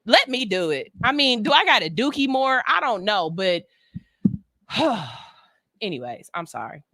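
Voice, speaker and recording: High, lively-voiced woman radio host. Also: a little slow, no echo, clean studio sound. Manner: animated, joking, blunt and profane. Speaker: radio morning show host. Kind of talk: casual chat. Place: radio studio.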